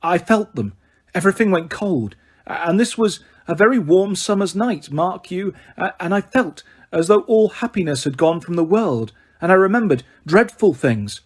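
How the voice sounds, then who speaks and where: A man's voice: high-pitched, lively intonation, normal speed, voice pushed up. A man voicing a nervous, quavery elderly woman giving witness, gabbling her words.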